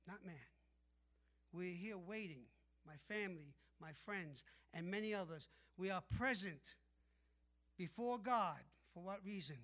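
A man's voice: high-pitched, moderate pace, a bit bright, dull audio. A male pastor preaching a sermon emphatically, calling out for amens from the congregation. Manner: emphatic preaching with call-and-response.

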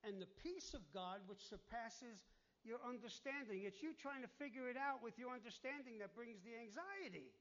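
Pastor, male, high voice, emphatic preacher, muffled lo-fi church recording. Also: expressive, moderate pace, fairly bright tone. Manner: emphatic preaching, calls for amens, acts out worried voices. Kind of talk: sermon.

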